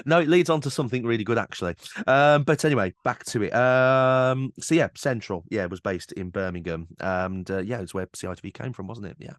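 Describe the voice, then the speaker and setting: A man's voice: mid-range voice, fairly quick, few pauses, dry recording, studio quality. A man hosting a podcast interview, enthusiastic and nostalgic in casual chat. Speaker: podcast host.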